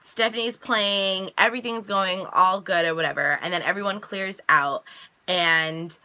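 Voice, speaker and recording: A young woman casually recapping a TV episode, chatty and animated, jumping high in pitch when she quotes the characters. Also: measured pace. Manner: chatty, animated quoting with big pitch jumps. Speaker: reaction vlogger recapping an episode.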